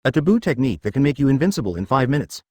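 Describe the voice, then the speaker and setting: A man's voice: medium pitch, big pitch swings, rapid-fire, mellow, dry recording, clean studio sound. A man reading a scheming ninja leader.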